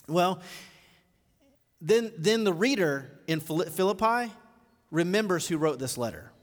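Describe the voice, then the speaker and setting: A man preaching a live sermon in a church auditorium, with a high-pitched voice. He shifts between quiet, measured teaching and loud, climbing exhortation. His words carry a long reverb from the large hall. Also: animated. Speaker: pastor.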